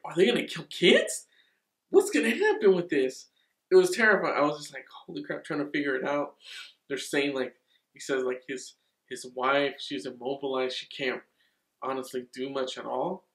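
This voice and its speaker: A man reviewing a horror movie in a rambling, excitable way, swearing freely. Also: on the high side, reverberant.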